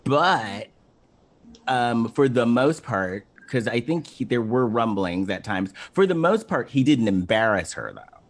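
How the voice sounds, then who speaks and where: Lively podcast host with a wide-ranging voice. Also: male voice, mid-range voice, a little slow. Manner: emphatic, lively, frequent "right" backchannels. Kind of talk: casual interview chat.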